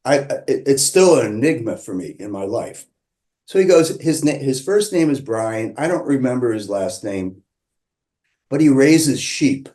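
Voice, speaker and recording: A man calmly telling a personal story, measured and reflective, with pauses and restarts. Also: medium pitch. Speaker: qigong practitioner sharing his story.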